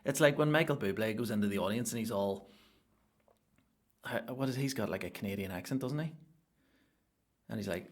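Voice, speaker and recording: A young adult man with a Northern Irish accent hosting a solo comedy podcast, rambling and animated, swearing freely. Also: lowish voice, a little fast, long pauses. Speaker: podcast host.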